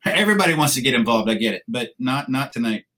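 A man's voice: medium pitch, animated, fast, pushed and bright. A man, a military veteran, telling a combat story in a blunt, casual, profane way with wry laughs.

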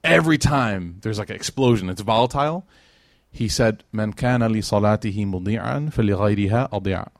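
A somewhat low-voiced man talks a little fast, recorded at studio quality with no echo. Addressing a live audience in a religious lecture, he chats and jokes, bringing his stories' people to life through animated quoted voices.

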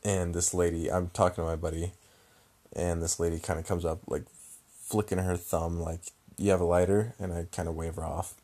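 A man's voice: deep voice, completely flat delivery, moderate pace, a little mellow. A young man telling a long road-trip story in a rambling, casual way, with constant filler words and frequent swearing.

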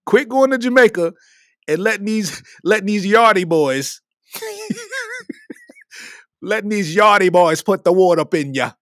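A man's voice: high-pitched, moderate pace, fairly bright tone, no echo, clean studio sound. A man from Kentucky, hosting a podcast solo and delivering a comedic rant with lots of laughter and preachy emphasis. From Lexington, Kentucky. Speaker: podcast host.

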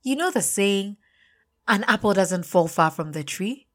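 A woman's voice: medium pitch, lively intonation, a little slow, close to an everyday voice. A woman voicing a mocking tipsy uncle. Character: teasing tipsy middle-aged uncle.

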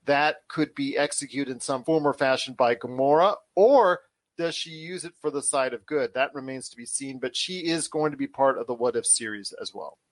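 A man's voice: medium pitch, normal speed, no echo. A man hosting a casual podcast chat, talking in an enthusiastic, rambling way with frequent restarts. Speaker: show host.

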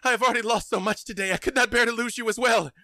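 A man voicing an anxious, grieving young warrior who pleads with his brother in a rushed voice. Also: very high voice, fairly even intonation, bright, forceful tone, a little hiss or hum, pitched above the performer's own voice, heavily acted. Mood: pleading.

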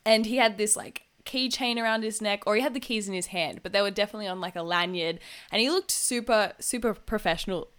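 A woman's voice: mid-range voice, fast, hardly any pauses, fairly bright tone. A young Australian woman co-hosting a podcast, telling a story in a chatty, casual way with lots of "like" and frequent laughter. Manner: chatty, laughs often, many "like" fillers. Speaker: podcast co-host.

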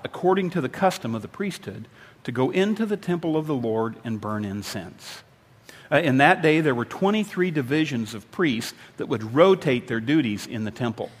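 A man preaching a sermon, retelling a scripture story in a lively way and acting out the quoted lines with sudden loud bursts. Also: mid-range voice, long reverb tail. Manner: lively storytelling, acts out quotes with big swings. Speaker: pastor.

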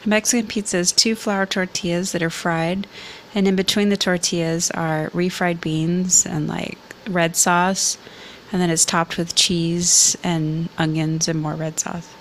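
A woman co-hosts a live talk show in easy, matter-of-fact banter, laughing often. Her voice sits low for a woman. A faint noise runs under the recording. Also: flat delivery, unhurried. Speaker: podcast co-host.

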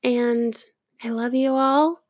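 A woman's voice: on the high side, fairly even intonation, takes it slowly, darkish tone, no echo, studio quality. A woman hosting her podcast in a casual comedic monologue, sarcastic and rambling with lots of fillers, her voice giving out. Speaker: podcast host.

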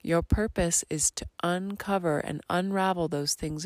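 A woman hosting her own podcast, talking in a slow, earnest, reflective monologue that drifts into soft half-whispers. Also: fairly low pitch, steady tone, no echo. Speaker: podcast host.

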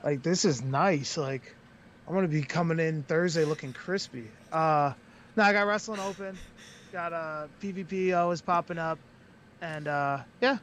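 A young man from Western Massachusetts, a wrestler chatting as a podcast guest in a joking, animated way. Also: a little high, normal speed, slight background noise. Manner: joking, animated, mocking impressions. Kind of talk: casual chat.

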